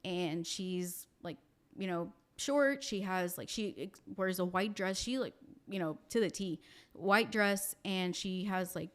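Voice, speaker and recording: A woman telling a personal story in a casual podcast chat, animated, with many fillers, acting out the voices of the people in it. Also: on the low side, a little slow.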